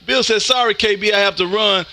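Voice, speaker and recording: Loud, high, bright Texas ham operator. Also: male voice, brisk, dry recording, clean studio sound. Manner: loud, energetic, says "man" constantly. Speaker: ham radio operator streaming live. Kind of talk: on-air radio contacts and chat. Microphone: close studio mic with headphones.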